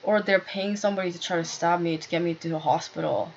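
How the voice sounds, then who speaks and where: A woman's voice: fairly low pitch, fairly even intonation, quick pace, a little hiss or hum. A woman telling a rambling, agitated personal story to camera, full of fillers and swearing. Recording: dull lo-fi recording.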